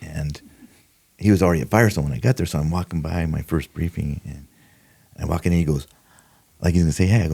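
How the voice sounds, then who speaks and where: An older man, a retired homicide detective appearing as a podcast guest, tells stories in a casual interview, acting out quotes and laughing often. His low, creaky voice is dark-toned with a breathy edge, and he speaks at a quick pace.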